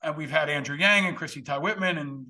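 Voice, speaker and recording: A man with a high, bright, forceful voice hosts a political conversation. He makes his points earnestly and bluntly and leans hard into the key words. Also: quick pace. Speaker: podcast host.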